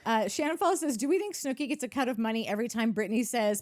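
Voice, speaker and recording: A woman's voice: fairly high pitch, lively intonation, fast, few pauses, darkish tone. A woman co-hosting a podcast, reading listener comments in a chatty way that keeps slipping into laughter. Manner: giggly, chatty, trails into laughter. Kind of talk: casual chat.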